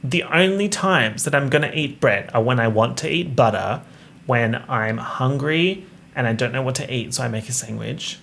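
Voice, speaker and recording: A man's voice: medium pitch, expressive, moderate pace, gravelly, a bit bright. A young man hosting a solo podcast, joking and swearing casually as he wanders off on tangents. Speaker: podcast host. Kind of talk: rambling solo podcast chat.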